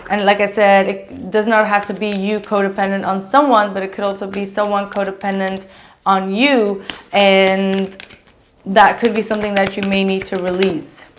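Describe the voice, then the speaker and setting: A woman's voice: medium pitch, level tone, moderate pace, a little hiss or hum. Chatty woman giving a tarot reading. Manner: chatty, gushing, many fillers. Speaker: tarot reader.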